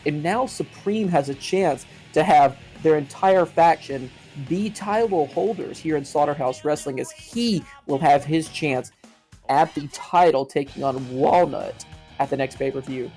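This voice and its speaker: A man giving color commentary on a wrestling match in a measured, hedging way, full of "you know" and "I mean.". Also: fairly high pitch, warm tone, faint music behind, low-quality recording.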